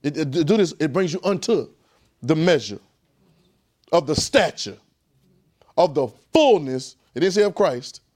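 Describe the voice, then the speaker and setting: A preacher with a somewhat high voice teaches a Bible class and draws spoken answers from the room. He hammers points through repetition and often sinks to a low, hushed voice for reverence. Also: lively intonation, unhurried, pauses often. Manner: emphatic and repetitive, often dropping to a low, quiet voice. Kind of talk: call-and-response Bible teaching.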